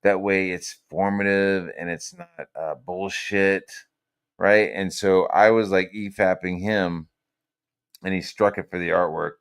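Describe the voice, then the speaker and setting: Low-voiced guy streaming, swearing a lot, rambles, goes from loud ranting to muttering. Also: steady tone, measured pace, smooth. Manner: rambling, profane, swings between loud rants and mutters. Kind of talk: profane casual stream commentary.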